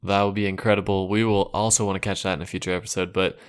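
A man with a low voice, co-hosting a podcast in casual banter. He teases his partner wryly and laughs along, and also moves the show along. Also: level tone, rapid-fire, clean tone. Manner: wry, teasing, laughing along. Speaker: podcast co-host.

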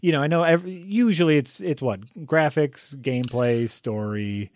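A man's voice: a little high, moderate pace, darkish tone. A man from Wisconsin with a Wisconsin accent, co-hosting a casual chat in a chatty, easily amused way. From Wisconsin, USA. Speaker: podcast co-host.

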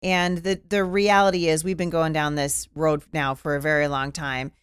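Low-voiced woman podcast host. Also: little pitch movement, moderate pace, clear, resonant tone. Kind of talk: casual podcast conversation.

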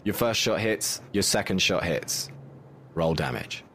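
A man's voice: sits low, measured pace, a bit bright, a little hiss or hum. A man narrating as game master in a tabletop game, casual and vivid with some swearing.

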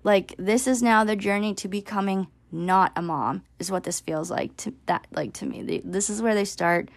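A woman's voice: medium pitch, normal speed, vocal fry, no echo. A woman in her thirties telling a personal story in a casual, chatty way, full of "like" fillers. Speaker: vlogger.

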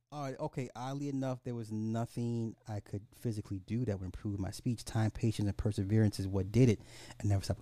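A man hosting a podcast in casual chat, animated and slangy, with lots of restarts and swearing. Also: medium pitch, a little slow, long pauses, dry recording, studio quality. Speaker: podcast host.

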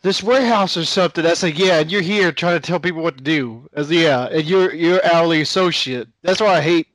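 A man's voice: on the high side, brisk, fairly bright tone, dry recording, rough recording. A man in a casual chat who chimes in with mocking remarks and laughs at the others.

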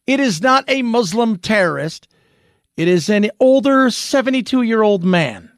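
A man's voice: high-pitched, animated, a little slow, no room sound, clean studio sound. A man hosting an opinionated news commentary, sarcastic and full of rhetorical questions. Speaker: commentary show host.

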